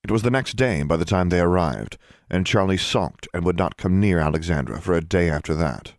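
A man reading a fantasy novel aloud as an audiobook narrator, measured and even. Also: low-pitched, dry recording, clean studio sound. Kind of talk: scripted narration.

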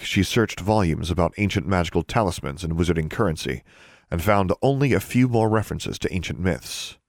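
Man narrating, audiobook reading, steady, low voice, dry sound. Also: no room sound. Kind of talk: audiobook reading of fan fiction.

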